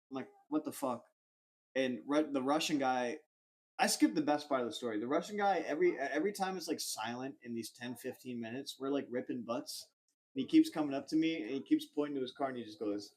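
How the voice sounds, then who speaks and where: A man's voice: mid-range voice, fairly quick, darkish tone. A young man on a casual podcast, telling a rambling, slangy story full of "like". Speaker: podcast co-host.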